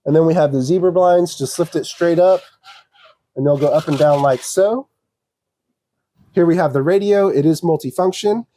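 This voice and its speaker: A man from an RV dealership walking viewers through a trailer, explaining each control in a steady, practical, step-by-step way. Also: on the high side, moderate pace, pauses often. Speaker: RV dealership salesperson giving a walkthrough. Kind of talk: casual walkthrough demonstration. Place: outdoors around an RV, then inside it.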